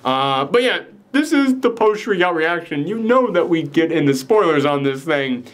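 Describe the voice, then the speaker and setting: A man's voice: a little high, big pitch swings, moderate pace. A young man chatting through a film's ending with a friend in a loose, casual way, swearing now and then. He slips into quoted lines as he retells scenes, in his everyday speaking voice. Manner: loose, profane, acts out quotes. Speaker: film reviewer. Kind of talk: casual spoiler chat.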